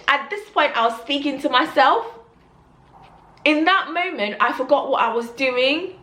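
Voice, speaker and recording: A young woman vlogger telling an embarrassing story in an animated way, acting out the scene. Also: high-pitched, normal speed, roomy sound. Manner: animated storytelling with loud gasping reenactments. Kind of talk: storytime vlog.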